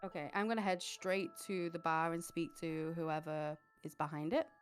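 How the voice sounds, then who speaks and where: A woman's voice: deep voice, little pitch movement, clear, resonant tone, faint music behind. Female player, chatty and inquisitive, casual table talk. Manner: quick, chatty, asks lots of questions. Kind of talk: casual tabletop game chat.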